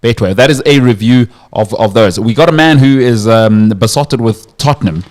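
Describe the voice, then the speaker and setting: A man's voice: mid-range voice, moderate pace, a little mellow. A man hosting a sports radio show, giving blunt opinions and reading out the phone number for callers. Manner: emphatic, opinionated, repeats words. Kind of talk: casual sports talk.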